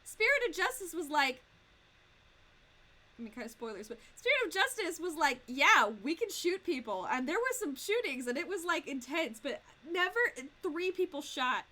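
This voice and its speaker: A young woman streaming a video game, talking in an excitable, gushing, rambling way about what just happened. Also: high voice, normal speed. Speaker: Let's Play streamer. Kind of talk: casual gaming commentary. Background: game music.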